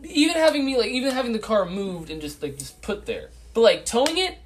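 Animated young man telling a story. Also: very high voice, fairly quick, slight background noise. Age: young adult. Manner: animated, swearing, acts out his own lines. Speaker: podcast co-host. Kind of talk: casual storytelling chat.

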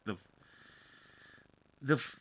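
A man co-hosting a podcast, chatting casually about a film with quick opinionated takes and frequent restarts. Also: a bit bright. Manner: fast, opinionated, stumbling restarts. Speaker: podcast co-host. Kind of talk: casual film review chat.

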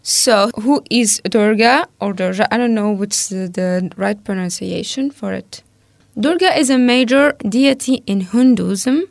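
A woman co-hosting a casual talk, reading researched notes aloud steadily and pausing over hard names. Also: medium pitch, vocal fry, dry recording.

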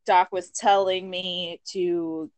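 A woman voice actress in a casual chat, chatty and quick to laugh. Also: on the low side, level tone, a little mellow, no room sound.

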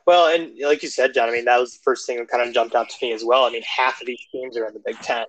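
A man co-hosting a podcast in casual sports chat, relaxed and joking, recorded on his phone. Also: medium pitch, quick pace, muffled recording. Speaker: podcast co-host.

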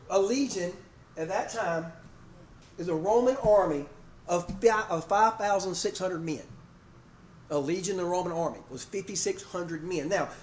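In a church sanctuary, a man with a high-pitched, darkish voice preaches in a folksy style, calling on congregation members by name and repeatedly asking "okay?" and "amen?" The room is echoey, the mic distant, and there is faint noise.

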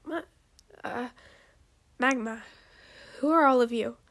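A woman's voice: a little high, takes it slowly, fairly bright tone. A woman voicing Magma, a nervous young dragon. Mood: worried. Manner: hesitant, stammering. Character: anxious young female dragon, worried and homesick. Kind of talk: amateur storybook reading.

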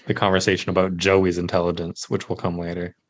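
A man co-hosting a podcast, recapping a TV episode in relaxed, loose casual chat full of fillers. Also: low voice, fast talker. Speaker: podcast co-host.

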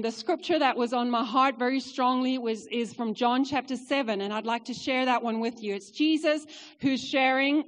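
A woman preaching a sermon in a church, earnest, pushing her voice up for emphasis and then dropping to a soft, low close. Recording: long church hall reverb.

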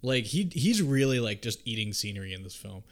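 A man's voice: mid-range voice, fairly quick. A man casually recapping a movie, swearing a lot and acting out the characters' lines. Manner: profane, animated storytelling, acts out characters' lines. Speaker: podcast co-host.

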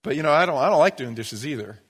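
A man preaching a sermon in a casual, humorous way, sometimes muttering low in a mock grumble. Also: expressive, fast, husky. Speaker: pastor. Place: church. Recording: long reverb of a church hall.

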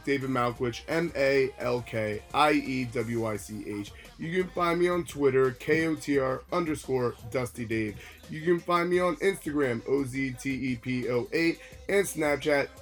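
A man co-hosting a casual podcast, full of hype-man energy and shout-outs. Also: medium pitch, moderate pace, faint music behind. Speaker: podcast co-host.

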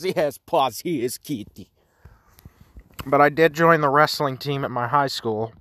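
A sleepy teenage guy hosts a podcast on his own, rambling through casual chat at a middling pitch. He swears freely and jokes at his own expense, yawning between thoughts. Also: fairly bright tone. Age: late teens. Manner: profane, rambling, self-mocking jokes. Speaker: podcast host.

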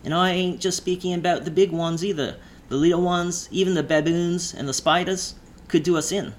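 A man's voice: sits high, fairly even intonation, voice pushed up, close to an everyday voice. A man doing a drawling, menacing driver. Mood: ominous. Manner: slow drawl, stresses every syllable. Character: polite but menacing male driver.

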